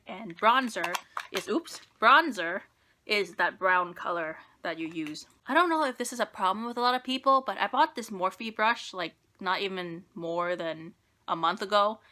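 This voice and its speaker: A young woman with a bright, clear tone talks her way through a makeup tutorial. She rambles and pokes fun at herself as she applies each product. Her speech is casual and unscripted. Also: medium pitch. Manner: rambling self-deprecating, talks while applying makeup. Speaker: beauty vlogger.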